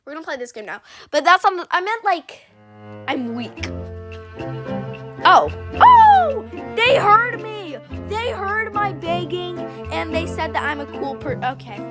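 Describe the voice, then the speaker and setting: A woman's voice: extremely high pitch, animated, moderate pace, music in the background. A young woman chatting casually and self-consciously while playing a game, rambling, apologizing and swearing. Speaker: gaming video creator. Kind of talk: casual gameplay commentary.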